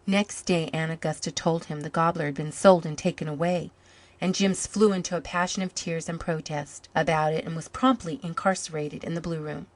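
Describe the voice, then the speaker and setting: A woman reading a story aloud in calm, measured scripted narration. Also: low voice. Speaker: story reader.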